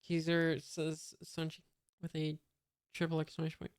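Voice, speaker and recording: A reader reading a comic aloud in a monotone, reading out sound effects and punctuation with many hesitant fillers. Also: mid-range voice, moderate pace, smooth, dry recording, studio quality.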